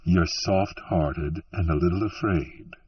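A man voicing a sardonic, mysterious stranger dressed in black who talks low and softly. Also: slow, slightly rough, dry recording, far from the mic, exaggerated voice. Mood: menacing. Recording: muffled, dry, from off-mic.

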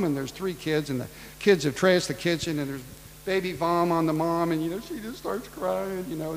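A man's voice: on the high side, brisk, vocal fry, in a large hall, a little hiss or hum, rough recording. A man preaching a casual storytelling sermon, ad-libbing and acting out the people in the tale. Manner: casual, ad-libbing retelling with acted-out voices.

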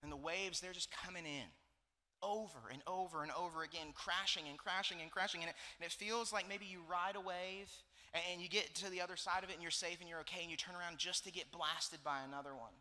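A male pastor in his thirties delivers a sermon with animated, joking storytelling. His voice sits a little high and sounds very bright and forceful, with a long reverb tail from a large church hall. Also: fast. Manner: animated storytelling with laughs and asides. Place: church auditorium.

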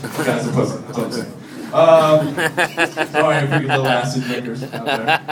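A man's voice: medium pitch, moderate pace. A young man doing a stand-up set at an open mic in a bar and grill, loose and profane and chuckling through his lines. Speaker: comedian. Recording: echoey room from far off, crowd noise.

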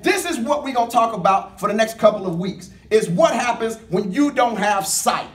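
Male pastor, high voice, lively call-and-response preaching, distant mic in a reverberant sanctuary. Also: normal speed. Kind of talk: sermon. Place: church sanctuary. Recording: echoey church room, mic at a distance. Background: congregation responding with amens.

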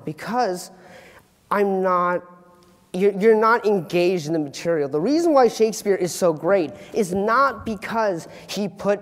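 A man's voice: sits high, measured pace. Earnest teenage boy in a hall. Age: teens. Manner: earnest, animated, with comic asides. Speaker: student speaker. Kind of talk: youth public talk. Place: auditorium stage.

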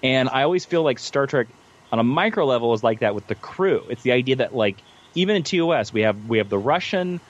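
A man's voice: mid-range voice, lively intonation, fast, highs cut off. A man, a military veteran guest, chatting casually and thinking aloud, often restarting and repeating words. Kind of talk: casual chat.

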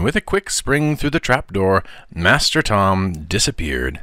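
A man narrating an audiobook of a children's story in an expressive storybook manner. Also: fairly low pitch, unhurried, few pauses, no echo, studio quality.

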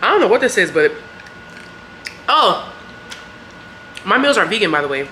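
Chatty, playful woman vlogger, lively voice. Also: mid-range voice, normal speed, roomy sound, a little hiss or hum. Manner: chatty and playful, talks straight to viewers. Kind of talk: casual sponsored vlog chat.

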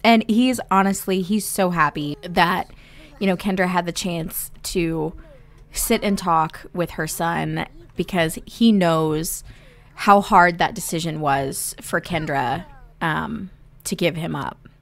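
A woman's voice: on the low side, slow. A woman casually narrating a life-simulation game, chatty and full of ums. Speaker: gameplay narrator.

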